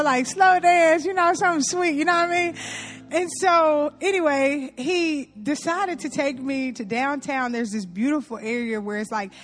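A woman from Louisiana telling a funny story to an audience, animated, laughing often and calling her listeners y'all. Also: fairly high pitch.

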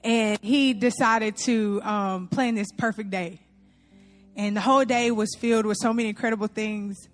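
A woman from Louisiana telling a funny story to an audience, animated, laughing often and calling her listeners y'all. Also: mid-range voice, moderate pace, faint music behind.

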